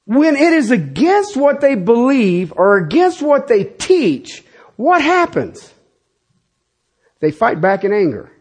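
A pastor in his fifties preaching a sermon in a lively, conversational way, with casual asides to the congregation. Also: very high-pitched, takes it slowly, breathy edge.

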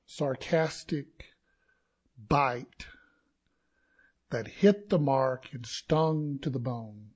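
A man preaching a sermon to his congregation, slow and deliberate, with dramatic pauses and sudden rises in intensity. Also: mid-range voice, a little mellow, breathy edge. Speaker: pastor.

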